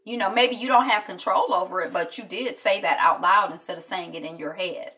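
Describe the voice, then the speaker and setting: Bright-voiced woman rambling through an episode recap. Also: on the low side, fairly quick, recorded from a distance. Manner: rambling, chatty, many fillers and restarts. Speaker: reality TV recap host. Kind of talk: casual chat recapping an episode.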